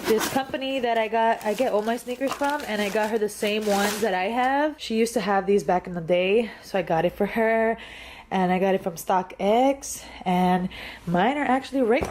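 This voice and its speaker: A woman's voice: medium pitch, normal speed, background noise. A young adult woman vlogging casually at home, chatty and easygoing as she talks to herself. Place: home, indoors.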